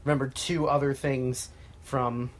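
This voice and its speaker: A man co-hosting a podcast in casual chat, firing off quick agreeing replies and dry, swearing asides. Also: medium pitch, little pitch movement. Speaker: podcast co-host.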